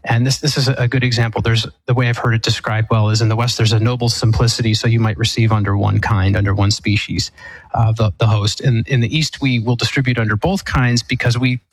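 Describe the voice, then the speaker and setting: A man, an Eastern Catholic priest, answering a caller's question on a radio call-in show in a measured, explanatory way with frequent restarts. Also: medium pitch, fairly even intonation, husky, no echo, rough recording.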